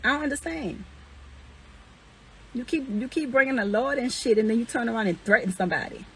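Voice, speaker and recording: Speaking a little fast with lively intonation, this young woman has a slightly high, bright voice with some breathiness, and the audio is poor. She airs accusations against an ex, indignantly repeating herself, cursing nonstop, and rising to incredulous peaks.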